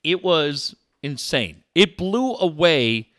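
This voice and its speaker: A middle-aged man hosting a sports talk radio show, telling a rambling, animated story with many restarts. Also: on the high side, slow pace, no echo, clean studio sound. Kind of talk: casual talk radio chat.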